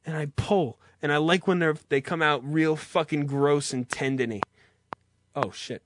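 A man with a high-ish voice, speaking at normal speed, hosts a radio call-in show. His crude, comedic monologue rambles along, heavy on swearing and self-mockery.

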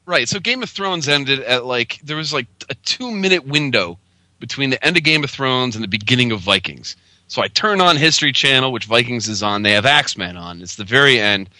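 A man's voice: mid-range voice, expressive, fairly quick, sharp tone, dry recording. A man telling a story in casual chat as podcast co-host, laid-back and joking.

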